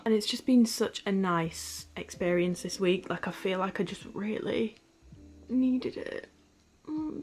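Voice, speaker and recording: A young woman in a candid vlog monologue, rambling with lots of "like" and frequent swearing. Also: fairly low pitch. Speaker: vlogger.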